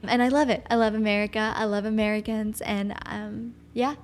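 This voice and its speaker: A young woman with an Australian accent, co-hosting a casual podcast and telling stories in a bubbly, animated way. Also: mid-range voice, a little fast. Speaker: podcast co-host. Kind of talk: casual chat.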